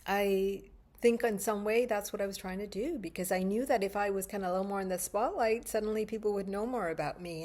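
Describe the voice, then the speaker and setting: A woman speaking in a medium-pitched voice as she reflects on a memory from her past. She talks conversationally and thoughtfully, pausing on fillers as she works through her thoughts for the camera. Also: darkish tone. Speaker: spiritual video host. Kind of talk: reflective personal storytelling to camera.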